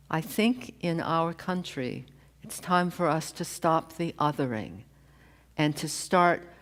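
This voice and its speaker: A woman minister giving a sermon in a slow, deliberate, reflective way, from a church sanctuary. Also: on the low side.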